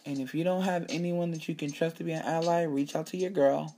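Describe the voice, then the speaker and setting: A woman hosting her own show, telling a personal story in a candid, animated way, swearing freely and acting out what people said. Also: low voice, brisk, hardly any pauses, faint music behind. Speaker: podcast host. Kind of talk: casual storytelling monologue.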